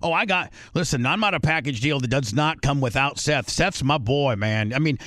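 A man's voice: medium pitch, normal speed, fairly bright tone, no echo, clean studio sound. A man hosting a radio show, talking in crude, rambling, profane banter and cutting in on his guests. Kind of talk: read ad disclaimer.

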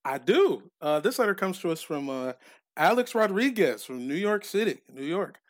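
A man co-hosting a podcast, talking in a low-key, dry way with some hesitation. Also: big pitch swings, normal speed. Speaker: podcast co-host. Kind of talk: casual chat, reading listener letters.

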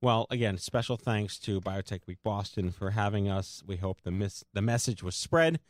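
A man's voice: fairly low pitch, normal speed, no echo, clean studio sound. A man hosting a podcast, chatty and joking, sometimes tripping over his words. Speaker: podcast host. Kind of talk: casual chat.

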